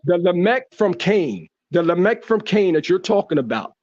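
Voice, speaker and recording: Male caller in a heated debate, fairly high voice, keeps repeating himself, dull lo-fi call sound. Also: very animated, normal speed, darkish tone. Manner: insistent, repeats himself to hold the floor.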